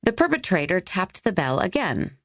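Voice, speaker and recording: A woman with a somewhat low voice reads a romance novel aloud in scripted narration. Her telling is wry and even, recorded close and dry in a studio. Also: normal speed, gravelly, dry recording. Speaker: audiobook narrator.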